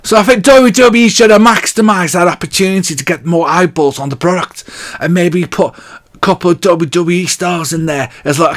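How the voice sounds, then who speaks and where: A man's voice: high-pitched, a bit bright. A man ranting bluntly and mockingly in a casual wrestling vlog, hot and sweaty as he talks. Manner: blunt, mocking, laughs at his own jokes. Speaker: wrestling vlogger.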